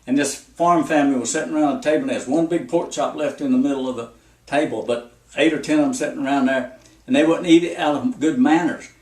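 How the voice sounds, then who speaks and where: A man's voice: medium pitch, quick pace, far from the mic. A man preaching a folksy sermon full of stories and repeated warnings. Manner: folksy, repetitive warnings with anecdotes. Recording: echoey room, speaker off-mic.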